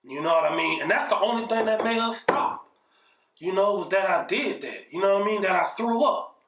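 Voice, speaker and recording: A man's voice: high voice, lively intonation, fairly quick, a bit bright, recorded from a distance. A man casually telling a story from his childhood, profane and rambling, often checking in with "you know what I mean". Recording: roomy echo, mic set back.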